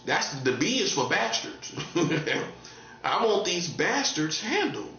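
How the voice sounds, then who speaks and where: A man's voice: high-pitched, sing-song, slow, bright, forceful tone, reverberant, lo-fi sound, slight background noise. A man preaching in a casual, street-talking way, repeating himself and laughing at his own jokes. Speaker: prophet. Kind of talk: informal preaching monologue.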